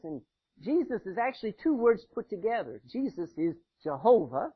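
A man's voice: high voice, big pitch swings, normal speed, slightly rough. A man preaching a sermon, folksy and conversational, with chatty asides to the congregation. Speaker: pastor. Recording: dull lo-fi recording.

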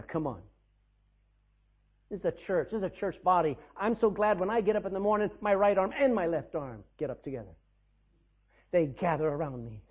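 A man's voice: high-pitched, slightly rough, narrow, tinny audio. A man preaching a sermon as pastor, emphatic, asking the congregation questions and pushing for answers.

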